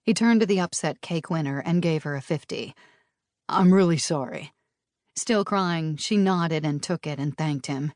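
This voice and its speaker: A woman with a low voice narrates an audiobook, brisk and lively in her storytelling. The recording is dry and close, with no room sound. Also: no room sound.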